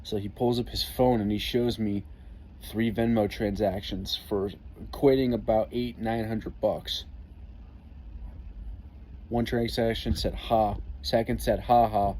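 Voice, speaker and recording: Army vet storyteller, mellow relaxed tone, wry and profane, faint hiss behind him. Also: male voice, lowish voice, measured pace, long pauses. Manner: profane, wry, laid-back. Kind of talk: casual storytime vlog.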